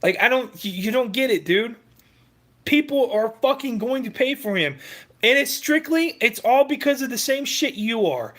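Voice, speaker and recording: Guy with a high voice ranting about football, cussing, combative. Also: expressive, moderate pace, a bit bright. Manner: heated, combative, profane, addressing commenters. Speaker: sports rant host. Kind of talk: profane sports rant.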